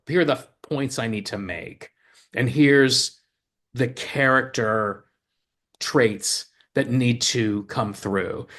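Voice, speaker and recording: A lyricist and co-host in casual talk, explaining his craft with eager restarts as he thinks aloud. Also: mid-range voice.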